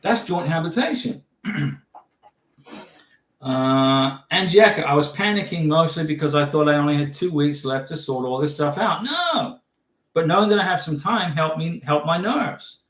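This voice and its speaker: A man's voice: a little high, animated, moderate pace, a bit bright. Chatty man in an echoey room. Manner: chatty, repeats and restarts, reassuring. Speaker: livestream host giving visa advice. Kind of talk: casual livestream advice, reading viewer questions.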